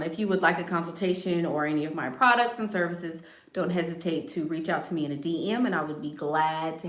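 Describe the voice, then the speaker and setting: An online content creator chats on a live stream in a lowish voice, blunt and self-assured, repeating her phrases for emphasis. The room sounds echoey.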